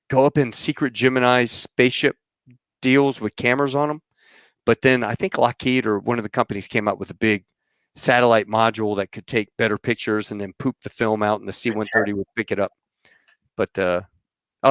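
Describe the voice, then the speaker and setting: A middle-aged man hosting a podcast, telling rambling, animated stories about flying and acting out what others said. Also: medium pitch, clear, resonant tone, no echo, clean studio sound. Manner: rambling, animated storyteller who acts out quotes. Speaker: podcast host. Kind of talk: casual storytelling chat.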